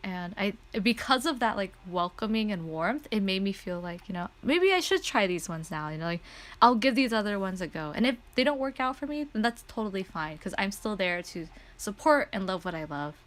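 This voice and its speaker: A young adult woman streamer telling a story in a casual chat. She is excitable, laughs often and says "like" a lot. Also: medium pitch, fairly quick.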